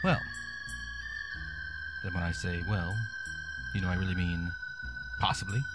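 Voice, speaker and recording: A man's voice: low voice, fairly even intonation, unhurried, loud music behind the voice. A man hosting a comic show, delivering a sarcastic, rambling, irreverent monologue. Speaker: podcast host.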